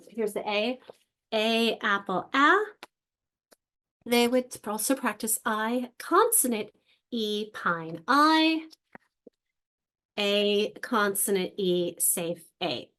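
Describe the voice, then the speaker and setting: A woman teaching other teachers online, speaking casually and often restarting her sentences. She stops to sound out vowels and words as examples. Her voice is of ordinary pitch for a woman and comes through a computer microphone. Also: fairly bright tone. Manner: conversational, frequent restarts, sounds out vowels to demonstrate. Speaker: literacy instructor leading teacher training. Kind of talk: online training lecture.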